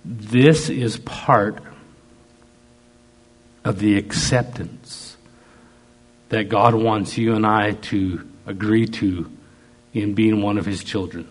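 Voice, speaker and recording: A man preaching a sermon, slow and emphatic, piling up repeated phrases. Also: fairly low pitch, fairly even intonation, husky.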